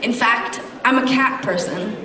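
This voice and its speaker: A woman's voice: fairly high pitch, measured pace, roomy sound, far from the mic, very noisy. A woman musician chatting casually, telling rambling and playful stories with acted-out quotes. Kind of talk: casual chat and stage banter.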